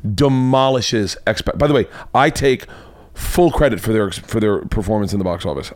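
A man hosting a comedy podcast, telling a story as a loose, swearing monologue whose voice jumps higher when he gets worked up. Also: normal speed, dry recording. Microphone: podcast mic.

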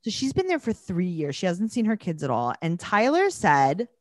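A woman's voice: moderate pace, no room sound, studio quality. A woman co-hosting a casual chat, recapping scenes and acting out quotes in mimicking voices. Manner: animated, acts out quotes in high mimicking voices. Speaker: podcast co-host recapping a reality show.

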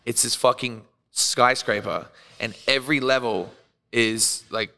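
A man's voice: medium pitch, measured pace, in a large hall. An Australian man, a podcast guest, telling stories in a loose, profane way, laughing often and acting out what people said. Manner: animated, profane, laughs often, acts out quotes. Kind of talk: casual storytelling.

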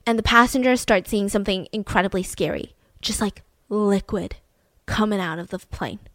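A young woman telling a true story casually, animated and slangy, swinging between loud and hushed. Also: medium pitch, moderate pace, no room sound. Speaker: podcast storyteller.

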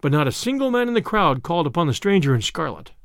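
A man narrating a classic storybook tale in an expressive reading of archaic prose. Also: a little high, quick pace, gravelly, dry recording, clean studio sound.

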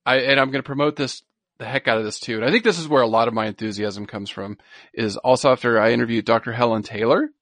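A man, co-hosting a casual podcast. He talks with eager enthusiasm and repeats words in excited bursts. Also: mid-range voice, quick pace, no echo. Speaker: podcast co-host.

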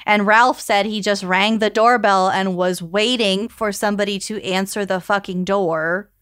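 A woman's voice: medium pitch, steady tone, moderate pace, a bit bright, smooth, no echo. A woman co-hosting a casual podcast, laying out legal details plainly with dry asides on a close studio mic. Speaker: podcast co-host. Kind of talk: casual chat.

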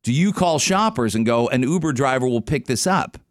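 A man's voice: medium pitch, lively intonation, fairly quick, no echo. A man with a Canadian accent hosting a morning radio show, chatting and joking on air in a studio. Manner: chatty, joking, musing aloud. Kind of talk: casual radio talk. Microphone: studio microphone.

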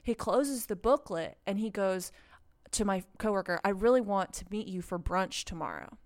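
A young woman telling a story in casual chat, animated and swearing, with lots of "like". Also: medium pitch, moderate pace. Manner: animated, swearing, heavy use of "like". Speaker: podcast co-host.

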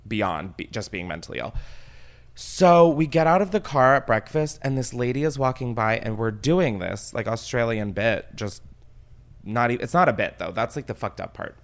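A man hosting a podcast, telling rambling, self-mocking stories in a casual comedic way and swearing freely. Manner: animated, swings into high excited tones. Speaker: podcast host.

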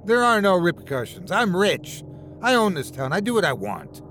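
Arrogant, cruel wealthy man, snarling and defiant, lively delivery, voiced by the narrator. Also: high voice, normal speed, a little hiss or hum, pitched above the performer's own voice. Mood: shouting. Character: rich, cruel, arrogant middle-aged man.

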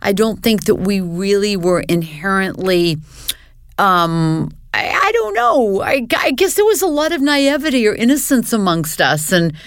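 An older woman, a guest in a casual interview, talking reflectively and haltingly with many restarts. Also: medium pitch, lively intonation, clean tone, no room sound, clean studio sound.

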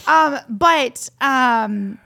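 A woman's voice: high voice, drawn-out words, gravelly, sharp tone. A woman co-hosting a podcast, chatting casually in a rambling way full of fillers and restarts. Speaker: podcast co-host. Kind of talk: casual chat.

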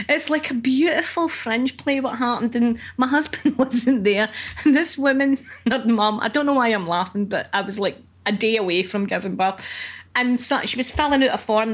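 Sweary Glaswegian woman telling stories. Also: a little high. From Scotland. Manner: swears freely, acts out voices in her stories. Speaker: guest comedian. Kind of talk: casual chat over lunch.

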